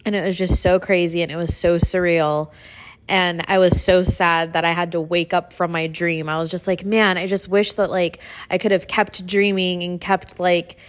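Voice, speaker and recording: A woman's voice: fairly low pitch, level tone, normal speed. A woman in her thirties hosting a podcast, telling a personal story in a casual, chatty way, filling her talk with "like". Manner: chatty, says "like" a lot, emotional retelling. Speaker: podcast host.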